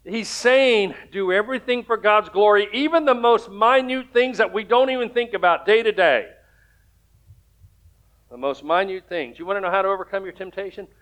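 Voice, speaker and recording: Emphatic pastor, slightly high voice. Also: male voice, moderate pace, a bit bright. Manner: conversational storytelling, rising to emphatic peaks. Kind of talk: sermon.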